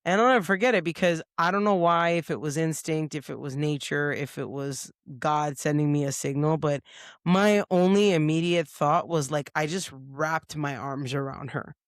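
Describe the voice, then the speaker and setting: A woman's voice: low-pitched, normal speed, no room sound. A woman co-hosting a podcast in a studio, telling a story in casual chat and acting out the lines of the people in it. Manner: lively storyteller who acts out quoted lines. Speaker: podcast co-host.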